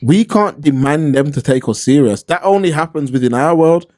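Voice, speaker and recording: With a slightly high voice at normal speed, this man co-hosts a podcast, animatedly telling stories in a casual discussion and acting out quoted voices. The audio is studio quality with no echo.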